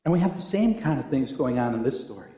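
An older man preaching a sermon as pastor, talking in a conversational, wry and sometimes sarcastic way. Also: fast talker. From American South. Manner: conversational, wry and sarcastic, with animated swings of pitch. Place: church sanctuary. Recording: echoey church sanctuary.

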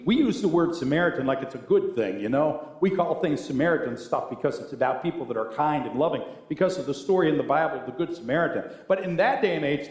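An older male pastor preaches in a relaxed, chatty way, slipping into wry sarcasm. His fairly high voice leaps up and down with lively emphasis. The sound carries the roomy echo of a church sanctuary. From American South. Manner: conversational, wry and sarcastic, with animated swings of pitch. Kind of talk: sermon.

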